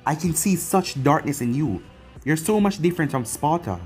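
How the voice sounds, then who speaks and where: A man's voice: a little high, expressive, moderate pace, darkish tone, soft background music, natural voice. Man doing a pompous giant demon overlord. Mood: lordly. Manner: pompous, lordly. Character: enormous demonic male overlord, proud and grand.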